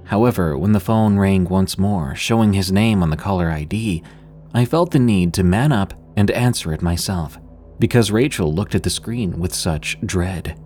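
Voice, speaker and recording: Deep-voiced man narrating a scary story. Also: expressive, normal speed, a little mellow, slight background noise. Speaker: podcast narrator. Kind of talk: scripted first-person story narration.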